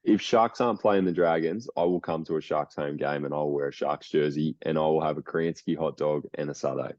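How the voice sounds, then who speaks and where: A man's voice: rumbling low, fairly quick, darkish tone, dry recording, highs cut off. A young Australian man co-hosting a podcast, chatting casually and rambling, laughing often. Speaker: podcast co-host. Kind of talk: casual chat.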